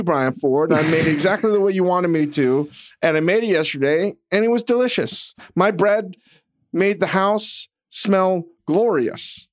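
Animated, cursing man ranting on a podcast. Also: fairly high pitch. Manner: animated, profane, comically exasperated ranting. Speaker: podcast co-host. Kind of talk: casual podcast banter.

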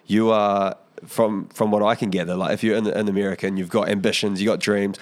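A man's voice: on the low side, flat delivery, fairly quick. A man from New Zealand with a New Zealand accent, hosting a podcast in casual chat, agreeable and swearing casually. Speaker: podcast host.

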